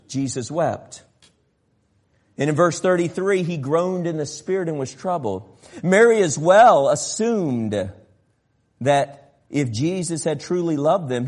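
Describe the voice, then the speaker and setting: A man preaching a sermon, swinging from loud emphatic passages to quiet soft ones and acting out the voices of Bible figures. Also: on the high side. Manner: acts out biblical voices in an exaggerated tone. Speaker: pastor.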